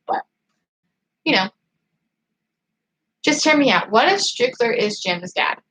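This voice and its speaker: Rambling, excitable young-sounding woman streamer. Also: on the high side, low-quality recording. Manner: rambling and excitable, with quick restarts. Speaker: YouTube channel host. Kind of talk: casual livestream chat reading viewer comments.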